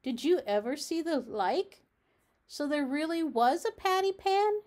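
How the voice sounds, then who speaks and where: Woman voicing a brisk, motherly cat. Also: sits high, lively intonation, a little mellow, voice pushed up. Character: kindly but brisk female cat hostess.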